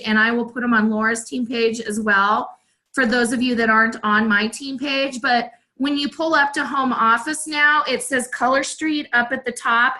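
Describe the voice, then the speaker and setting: A woman on a casual livestream showing a product to her sales team, chatty with excited asides. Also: fairly high pitch, poor audio.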